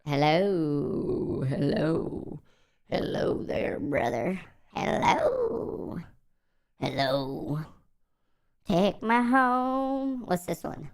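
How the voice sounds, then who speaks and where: A man's voice: high voice, wildly swooping pitch, drawn-out words, vocal fry, pitched above the performer's own voice, full character voice. A man speaking through a hard auto-tune voice changer, playfully testing it. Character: auto-tuned voice testing a mic.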